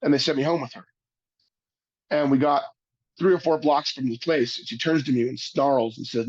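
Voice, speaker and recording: A man giving a webinar talk, telling a personal story in an earnest, halting way, often restarting his sentences. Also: mid-range voice, steady tone, slightly rough, highs cut off. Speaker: webinar speaker.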